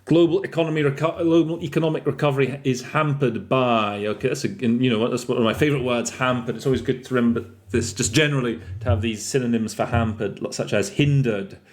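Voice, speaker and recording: A man's voice: mid-range voice, quick pace, hardly any pauses. A man hosting a podcast lesson on interpreting vocabulary, chatty and self-correcting, mixing in French and Russian terms. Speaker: interpreter trainer. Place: lives in France.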